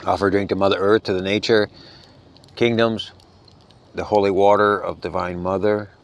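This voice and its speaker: Deep smooth-voiced man, earnest and rambling. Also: flat delivery, normal speed. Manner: earnest, rambling, soft-spoken. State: tired. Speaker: spiritual vlogger. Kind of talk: casual spiritual monologue.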